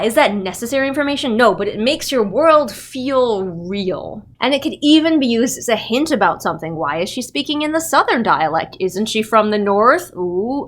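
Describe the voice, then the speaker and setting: A woman hosting a writing-tips channel, talking casually to camera with lots of "like" and rhetorical questions. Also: fairly high pitch. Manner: chatty, filler "like", rhetorical questions. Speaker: writing tips channel host and developmental editor. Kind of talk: casual tutorial talk to camera.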